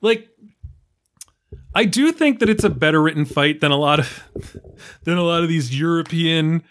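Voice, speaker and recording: An American man with a fairly high voice talks through a film in a loose, animated podcast chat. He swears freely and slips into voicing the characters as he argues his point. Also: normal speed. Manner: animated, profane, acts out characters' lines. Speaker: podcast co-host. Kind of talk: casual film discussion.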